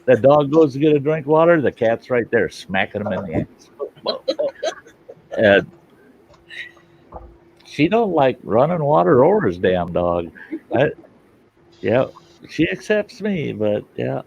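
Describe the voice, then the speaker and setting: A man's voice: mid-range voice, big pitch swings, unhurried, gravelly, long pauses, a little mellow. A man casually telling rambling, profane stories and laughing often, in a dull lo-fi recording with faint hiss. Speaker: host. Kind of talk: casual storytelling chat.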